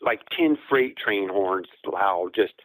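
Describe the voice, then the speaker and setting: A man's voice: low voice, expressive, slow, fairly bright tone, dry recording, rough recording. A man telling a long personal encounter story as a guest caller, rambling, with fillers and acted-out quotes.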